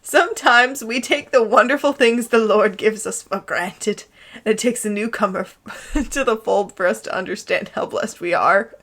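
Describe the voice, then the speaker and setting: A woman's voice: mid-range voice, normal speed, fairly bright tone. A woman reads fan fiction aloud in a comedic, dramatic way. She breaks off often for amused, sarcastic asides. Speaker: video host reading fan fiction.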